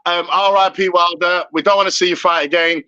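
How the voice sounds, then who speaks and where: Chatty British podcast host, high bright voice, muffled lo-fi sound. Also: male voice, steady tone, quick pace. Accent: British English. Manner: chatty, laughs often. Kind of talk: casual chat. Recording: dull lo-fi audio.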